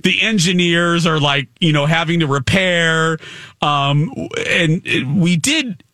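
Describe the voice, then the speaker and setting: A man telling an animated story on a talk show, excitable and acting out the voices of the people in it. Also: a little high, takes it slowly, no room sound, studio quality. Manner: excitable, acts out voices in his stories.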